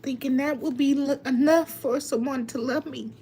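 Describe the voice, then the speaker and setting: Woman, tarot reader, live stream, emotional, heartfelt, slightly high voice. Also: steady tone, moderate pace, mellow, slight background noise. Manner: heartfelt, emotional, laughs often. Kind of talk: live-stream talk to viewers.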